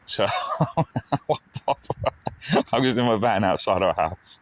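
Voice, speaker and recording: A man's voice: fairly low pitch, moderate pace, rough recording. Rambling man streaming outdoors. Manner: rambling and jokey, with many restarts. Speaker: live streamer. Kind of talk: casual rambling storytelling. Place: outdoors on town streets. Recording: outdoor street noise. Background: traffic and street ambience.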